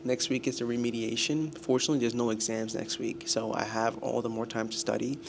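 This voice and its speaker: Young male vlogger, gravelly voice, exasperated and self-mocking, light noise underneath. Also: medium pitch, little pitch movement, fairly quick. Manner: self-deprecating, exasperated, groaning. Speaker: student vlogger. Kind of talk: casual vlog.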